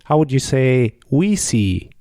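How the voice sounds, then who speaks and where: A man's voice: medium pitch, big pitch swings, warm tone, no room sound, studio quality. A man teaching a language lesson, patiently asking questions and modelling the answers. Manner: explains slowly and patiently, models each answer. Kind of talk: slow, patient language lesson with pauses for the listener.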